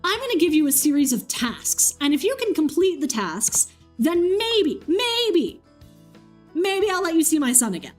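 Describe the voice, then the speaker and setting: A haughty, jealous goddess, voiced by a woman, lofty and smug. She taunts in a raised, high voice, stretching her words slowly. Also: big pitch swings, darkish tone, faint music behind. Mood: taunting. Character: haughty jealous goddess, cruel mother-in-law.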